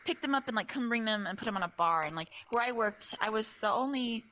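Drunk young woman rambling w/ a friend, bright voice, like like like, animated storyteller. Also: on the high side, quick pace. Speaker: streamer chatting with a friend. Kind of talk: casual chat.

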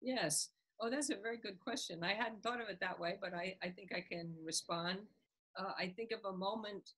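A woman's voice: medium pitch, normal speed, slightly rough, low-quality recording. A woman author being interviewed, retelling a scene from a book and acting out its characters' lines. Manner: animated storyteller, acts out the characters' lines with a laugh.

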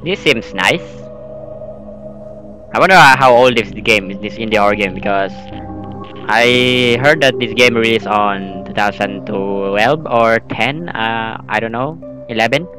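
A man giving rambling horror gameplay commentary as a channel host, excitable and breaking into yelps and screams. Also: fairly low pitch, a little slow, music in the background, rough recording.

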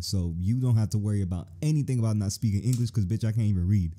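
A man hosting a gaming channel, playing through a fan game with excitable, joking and profane banter. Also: lowish voice, fast, hardly any pauses. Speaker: YouTube gaming host. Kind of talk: casual let's-play commentary.

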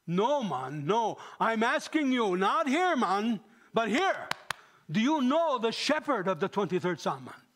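A man's voice: sits high, expressive, moderate pace, pauses often. A man voicing an earnest older Belizean man with a Belizean accent, who keeps pressing with "man". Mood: insistent. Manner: insistent, repeats "man".

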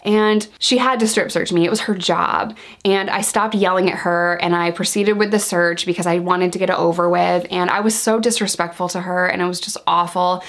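A woman's voice: on the low side, normal speed. Frank, slangy woman telling jail stories. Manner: frank, animated storytelling that acts out quoted dialogue; blunt, slangy and profane. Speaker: vlogger sharing her jail experiences. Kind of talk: candid storytime monologue.

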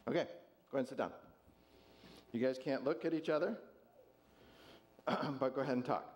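A man's voice: mid-range voice, normal speed, slight background noise. A man pastor leading an interactive sermon with volunteers, jovial and chuckling as he asks the congregation questions.

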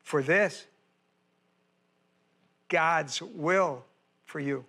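A male pastor with a high, bright voice teaches scripture point by point. He presses each point hard, repeating phrases and asking whether his listeners follow. It has the steady drive of a classroom-style sermon. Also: drawn-out words. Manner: emphatic, repeats key phrases, quizzes listeners. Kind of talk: verse-by-verse Bible teaching.

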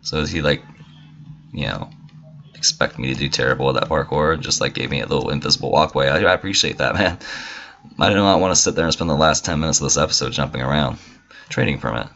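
Super deep gravelly dude doing lets play commentary, cussing a lot, bright edge to his voice. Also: quick pace, dull audio. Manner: swears freely, mock-indignant asides. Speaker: gamer. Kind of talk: casual let's-play commentary.

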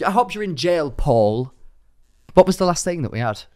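A young man co-hosting a podcast, telling stories in a casual, animated way, swearing and acting out what others said. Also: a little high, moderate pace, dry recording, clean studio sound. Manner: animated storytelling, swearing, acts out quoted speech. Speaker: podcast co-host. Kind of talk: casual chat. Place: podcast studio.

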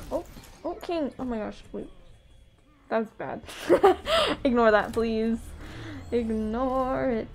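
A woman's voice: on the high side, a little mellow. A woman streaming a game live, chatting bubbly to her chat and laughing often. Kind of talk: live gameplay commentary.

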